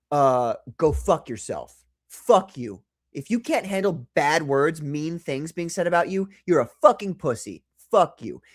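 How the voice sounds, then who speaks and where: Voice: medium pitch, no echo, clean studio sound. A podcast host on a live show, ranting profanely and combatively, often breaking into laughter. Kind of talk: heated rant on a live show.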